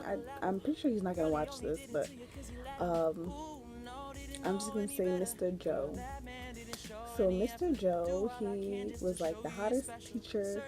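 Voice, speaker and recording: A young woman telling a story on her vlog in a rambling, chatty way, full of fillers and giggles. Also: medium pitch. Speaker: vlogger. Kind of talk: casual storytime chat.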